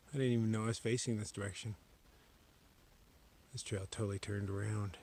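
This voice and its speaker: Gravelly low-voiced man hiking at night. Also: fairly even intonation, brisk, long pauses. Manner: chatty, drifting between normal voice and hushed whispers. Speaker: solo long-distance hiker vlogging. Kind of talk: casual talk to camera while hiking. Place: outdoors on a forest trail at night.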